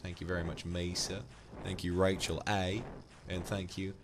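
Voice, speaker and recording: A man's voice: low-pitched, level tone, normal speed, noisy background. A man from the UK, streaming and casually thanking viewers for donations, affectionately calling them darling. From United Kingdom.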